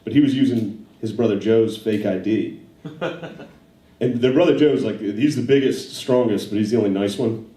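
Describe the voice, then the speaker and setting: A man's voice: on the low side, moderate pace. Man, stand-up comedian, loose and profane, laughs through punchlines, roomy theater sound. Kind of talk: stand-up storytelling. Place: large studio theater with live audience. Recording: roomy hall, distant mic, loud audience laughter.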